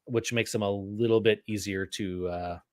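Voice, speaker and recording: A man's voice: fairly low pitch, fairly even intonation, moderate pace, no echo, clean studio sound. A man co-hosting a casual podcast, easygoing and running the segments with plenty of fillers. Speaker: podcast co-host.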